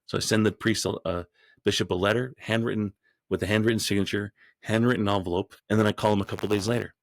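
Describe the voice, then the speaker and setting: A man who is a podcast guest, telling a story in a rambling way with frequent restarts and growing animated as he goes. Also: lowish voice, quick pace, no room sound, studio quality. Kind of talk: storytelling in an interview.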